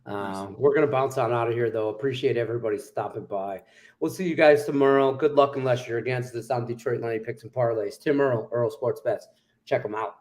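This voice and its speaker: Male betting-show host with hiccups, mid-pitched, joking banter. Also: a little fast, darkish tone. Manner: joking, laughing, teasing. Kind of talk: casual chat.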